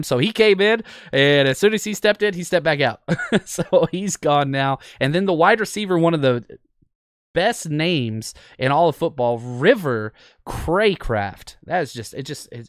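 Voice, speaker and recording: Chatty and enthusiastic, a man hosting a sports podcast talks casually in a medium-pitched voice, frequently dropping ums and uhs. The audio is studio quality, free of room sound.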